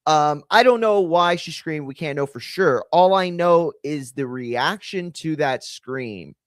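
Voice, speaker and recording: A man hosting a casual reaction commentary, talking in an animated, profane and rambling way, often restarting his sentences. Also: a little high, measured pace, no echo, studio quality. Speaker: host.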